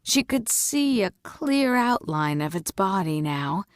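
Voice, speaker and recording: A woman reading a fantasy novel aloud as narrator, slow and even. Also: mid-range voice, no room sound, clean studio sound. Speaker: audiobook reader. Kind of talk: storybook narration.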